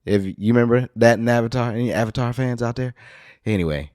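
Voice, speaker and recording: A man from New Orleans with a local accent, hosting a podcast and telling a rambling, profane story in casual monologue, now and then jumping into high excited bursts. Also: fast talker, no room sound, studio quality. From New Orleans, USA. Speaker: podcast host.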